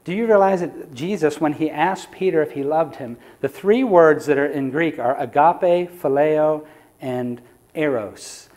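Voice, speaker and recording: A man's voice: a little high, a little slow, darkish tone. A man preaching in a church, teaching the audience in a conversational lecture style and asking them questions. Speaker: evangelist.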